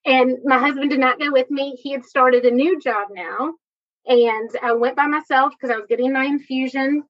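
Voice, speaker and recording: A woman's voice: high-pitched, fairly even intonation, lo-fi sound. Earnest woman telling her story. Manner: chatty, earnest, quick asides. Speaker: guest sharing personal story. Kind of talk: candid personal storytelling.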